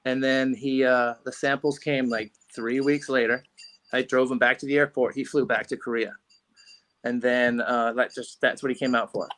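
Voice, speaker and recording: A man's voice: medium pitch, steady tone, moderate pace, a bit bright. A man being interviewed on a podcast, telling a rambling story with lots of restarts and fillers. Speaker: podcast guest, fishing rod company founder.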